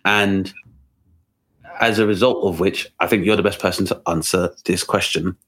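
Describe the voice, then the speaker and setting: Guy interviewing, kinda low voice, trips over his words and keeps restarting. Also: fairly even intonation, fairly bright tone, slightly rough. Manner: halting, searching for words, lots of restarts. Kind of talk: interview questions.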